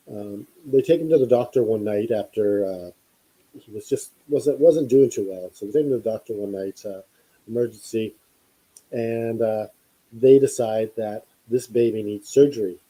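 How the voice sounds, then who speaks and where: A man's voice: on the low side, dark tone, husky, rough recording. A man hosting a podcast, telling a long story in a casual, rambling way with many fillers and restarts. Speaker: podcast host.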